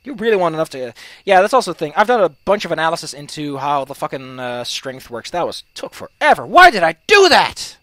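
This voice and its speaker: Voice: mid-range voice, fast talker, dry recording. A let's play commentator ranting heatedly about game rules, swearing often while reacting to a game. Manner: profane, heated, animated ranting.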